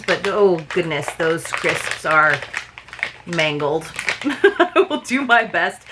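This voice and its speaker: A woman's voice: low-pitched, pushed and bright, slight background noise. A woman hosting an unboxing vlog, talking in a chatty, casual way with frequent "uh" fillers. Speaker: unboxing channel host.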